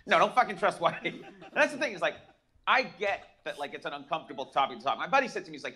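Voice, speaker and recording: A young adult man doing a profane, brash stand-up comedy set with rapid-fire jokes. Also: on the high side, animated, pushed and bright.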